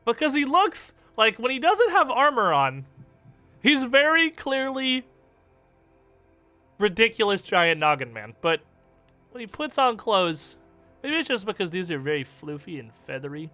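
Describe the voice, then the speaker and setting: A man's voice: high-pitched, a little slow, dry recording, faint music behind. A young man streaming a game, joking and swearing casually as he talks through his choices. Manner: joking, profane, animated. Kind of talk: casual gameplay commentary.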